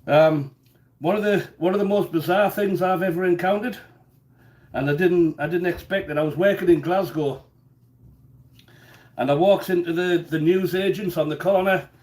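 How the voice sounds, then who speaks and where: Guy rambling on while he cooks at home live, slightly higher voice, keeps repeating himself. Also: normal speed, darkish tone. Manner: rambling, repeats words, chatty asides. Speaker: home cooking streamer. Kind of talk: casual chat while cooking live. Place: home kitchen.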